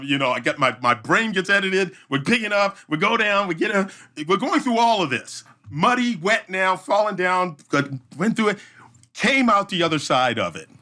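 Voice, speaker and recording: A man telling an animated story as a podcast guest, acting out voices and sound effects as he goes. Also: on the high side. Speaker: obstacle race emcee, podcast guest.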